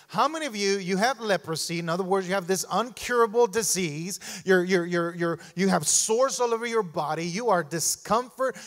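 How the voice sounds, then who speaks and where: A man preaching a sermon in a church, animated and calling out to the congregation, often repeating himself. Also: high voice. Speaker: pastor. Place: church sanctuary.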